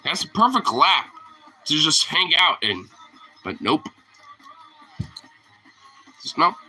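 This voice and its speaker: A man's voice: fairly high pitch, big pitch swings, slow pace, sharp tone, faint music behind, poor audio. A man ranting casually as a vlogger, rambling and profane, often laughing at his own points. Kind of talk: casual rant to camera.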